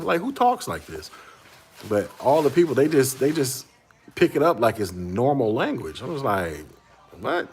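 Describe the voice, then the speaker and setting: A man's voice: mid-range voice, breathy edge. A man in his forties, a livestream host, chatting casually with viewers in a laid-back way and laughing often. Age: 40s.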